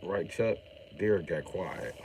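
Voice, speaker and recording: A man's voice: deep voice, slow, darkish tone, a little hiss or hum. A young man streaming live, casually reading comments and mock-scolding a viewer by name. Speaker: livestream host.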